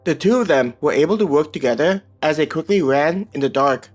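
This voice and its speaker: A man's voice: on the high side, animated, fairly quick. Man narrating a web novel over music. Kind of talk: scripted audiobook narration. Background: soft background music.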